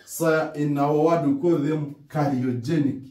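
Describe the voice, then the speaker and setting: A man with a Ugandan English accent lectures in a slow, mellow voice, often posing questions and answering them himself. His pitch sits a little on the high side. He is recorded from a distance in an echoey room. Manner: repeats key words with emphasis. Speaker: dental lecturer. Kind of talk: classroom lecture. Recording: roomy echo, distant from mic.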